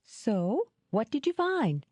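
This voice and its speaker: A bubbly young woman who teases and coaxes with eager lines, as a woman reader lifts her voice for her. Her pitch swings widely and the tone is mellow and close, in a dry recording. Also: sing-song, slow, dry recording, exaggerated voice. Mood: playful. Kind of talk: audiobook character reading.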